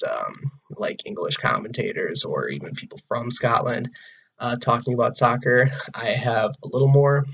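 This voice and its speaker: A man's voice: mid-range voice, gravelly, a bit bright, lo-fi sound, slight background noise. A man in his twenties from Wisconsin with an American accent, talking casually to camera in his own room and rambling with many "like"s and restarts. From Wisconsin, USA. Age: 20s. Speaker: vlogger.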